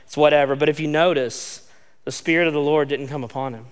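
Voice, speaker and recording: A man preaching a sermon in a casual, animated way, full of "like" asides, acting out the quotes he reads. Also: fairly high pitch, fast talker, smooth. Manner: conversational, animated, many "like" asides, acts out quotes. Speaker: pastor. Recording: long reverb of a large hall.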